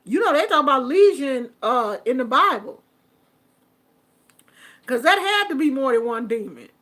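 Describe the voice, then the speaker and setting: A middle-aged woman, giving a casual, animated commentary vlog and laughing often. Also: high voice, normal speed. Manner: animated, chatty, laughs often, sings snippets. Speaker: vlogger commenting on online drama.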